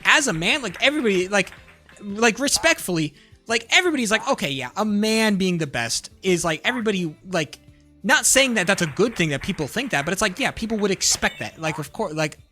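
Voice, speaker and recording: A streamer in a heated, profane live-stream rant, full of restarts and repeated words, at times rising to shouts. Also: medium pitch, animated, fairly quick, faint music behind. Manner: rises to shouting when angry.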